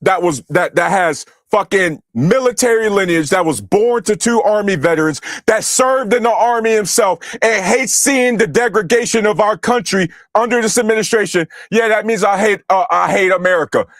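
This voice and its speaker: Brief: young male streamer, high voice, angry profane rant, dry close mic. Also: moderate pace, few pauses, no room sound. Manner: angry, profane, shouting at chat. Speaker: streamer reacting to chat. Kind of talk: heated political livestream rant.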